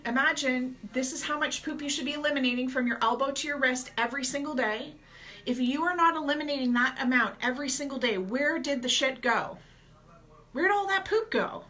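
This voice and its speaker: A woman gut health coach gives advice directly to her viewers in a casual vlog. Her voice sits a little high and sounds bright and forceful. She keeps an energetic, chatty manner throughout.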